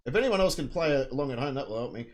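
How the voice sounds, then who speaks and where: Male live-show host, rambling, crude, animated pitch. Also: very fast. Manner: rambling, profane, retelling a film. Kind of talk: casual live-stream chat.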